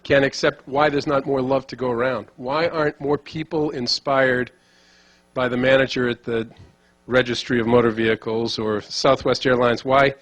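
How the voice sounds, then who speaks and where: A man's voice: medium pitch, steady tone, normal speed. A man interviewing a guest, pressing him with follow-up questions and stumbling over repeated words as he asks.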